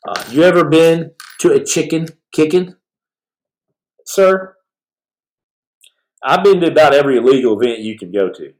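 A man's voice: on the high side, expressive, moderate pace, pauses often. Rambling jokey man in an echoey room. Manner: rambling, jokey, swings between loud bursts and soft mumbles. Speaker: podcast host. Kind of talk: livestream storytelling and reading chat questions.

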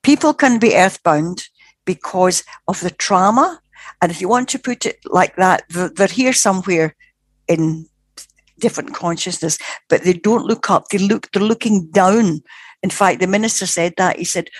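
A woman's voice: on the low side, normal speed, breathy edge, dry recording. A woman, older, earnestly retelling a spirit experience in casual talk, acting out what others said. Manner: earnest, animated retelling with acted quotes. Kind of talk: casual spoken storytelling.

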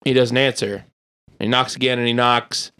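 A man's voice: mid-range voice, level tone, moderate pace, bright, forceful tone, clean tone. A man in casual chat, rambling through a film recommendation with filler words and swearing. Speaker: podcast co-host.

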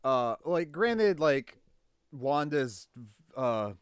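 Smooth-voiced man chiming in casually. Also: on the high side, big pitch swings, extremely slow, no room sound, clean studio sound. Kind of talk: casual chat.

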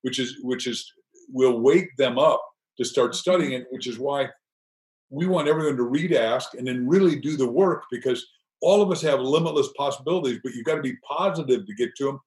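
A man talks on a podcast in a mid-pitched voice. He is emphatic and opinionated, and he drifts into rambling asides. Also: fairly quick, a little mellow, low-quality recording. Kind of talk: conversational podcast talk.

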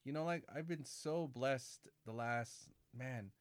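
A Catholic priest in his forties chats casually in a slow, smooth, medium-pitched voice. He tells animated stories, acts out quoted dialogue, and calls people "man" and "baby."

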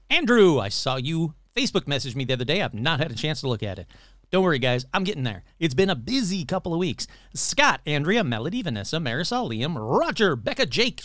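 Upbeat, lively-voiced podcast host man. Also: on the high side, no echo, studio quality. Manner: upbeat and playful, reeling off listener names. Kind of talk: casual solo podcast chat.

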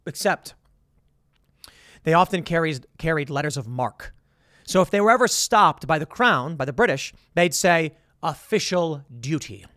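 A man's voice: fairly high pitch, expressive, normal speed, pushed and bright, no room sound, clean studio sound. A man delivering blunt, sarcastic political commentary in a monologue.

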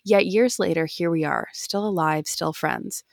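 Obi-Wan, read by a woman as a gentle male mentor. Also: fairly low pitch, a little slow, gravelly, no echo, clean studio sound. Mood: reassuring. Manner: gentle, reassuring. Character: calm, wise older male Jedi mentor. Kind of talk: reading a novel aloud.

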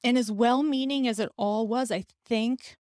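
A woman's voice: on the high side, steady tone, normal speed, a little mellow, no room sound, clean studio sound. A woman, hosting a podcast and telling a personal story in a candid, conversational way. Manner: candid, conversational, laughs now and then. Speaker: podcast host.

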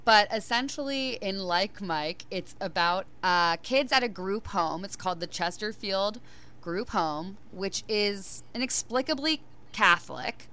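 A woman's voice: medium pitch, measured pace, clear, resonant tone. A young woman co-hosting a podcast, retelling a movie plot in casual chat and acting out the characters' lines with lots of "like.". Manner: animated storyteller, acts out quotes, lots of "like". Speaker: podcast co-host.

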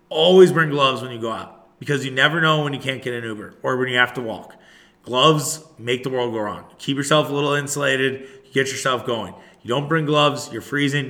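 A man in his thirties hosting a podcast alone, ranting casually and profanely straight to his listeners. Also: medium pitch. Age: 30s. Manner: profane, animated, talks to listeners directly. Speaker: podcast host. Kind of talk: casual solo podcast rant.

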